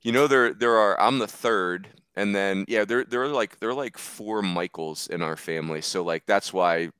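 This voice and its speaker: Low smooth-voiced male podcast host. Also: a bit bright, no echo. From Philadelphia area. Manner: chatty, rambling, quick to joke. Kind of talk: casual podcast chat.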